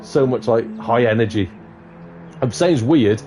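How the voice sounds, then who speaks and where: A man's voice: medium pitch, a little slow, warm tone, soft background music. A man hosting a live stream, chatting casually and rambling, swearing freely. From Shropshire, England. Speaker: livestream host.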